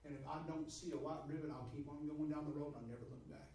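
Man, preacher. Storytelling sermon that swells into shouting, recorded from a distance in a reverberant sanctuary. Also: a little high, slight background noise. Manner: builds to shouted, climactic preaching with repetition; drawn-out, soft storytelling delivery. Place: church sanctuary. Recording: echoey hall from far off.

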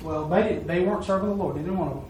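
Reporting on his mission, a male preacher tells the story rapid-fire in a folksy, repetitive way, hitting emphatic peaks as he goes. His somewhat high, slightly mellow voice is picked up from afar in a hall full of heavy echo, along with a faint hiss.

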